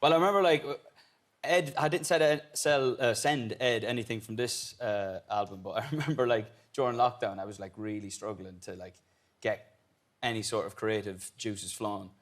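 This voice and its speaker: A young man with an Irish accent, a musician guest on a chat show, answering in a laid-back, halting way with easy laughs. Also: on the low side. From Ireland.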